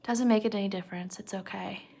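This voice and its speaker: A woman voicing a weary, patient man who speaks low and half-heartedly, as she retells a novel in a recorded lesson. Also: steady tone, fast, gravelly, dark tone. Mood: resigned. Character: weary, patient adult man, quietly resigned.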